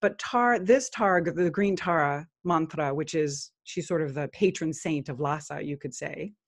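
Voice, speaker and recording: A woman guest on a podcast interview, calmly explaining a spiritual practice. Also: low voice, gravelly. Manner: calm, unhurried explaining. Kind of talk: interview, chanting a mantra.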